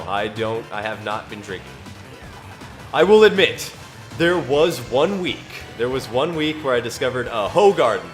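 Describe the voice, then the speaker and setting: A man streaming a racing game, chatting jokily and breaking into mock-archaic phrasing and scripture reading. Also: mid-range voice. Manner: playful, jokey, slips into mock-archaic phrasing. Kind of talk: casual gameplay stream chat with scripture reading.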